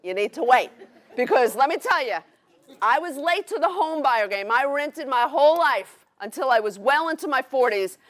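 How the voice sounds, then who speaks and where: A middle-aged woman with a Brooklyn accent, giving an excited, fast-paced educational presentation to a workshop audience. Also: sits high. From New York City. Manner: fast, excited, New York directness.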